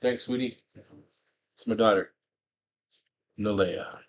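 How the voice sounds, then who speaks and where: Man, lowish voice, casual slangy movie chat, laid-back, at home. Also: fairly even intonation, slow, highs cut off. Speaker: movie review vlogger.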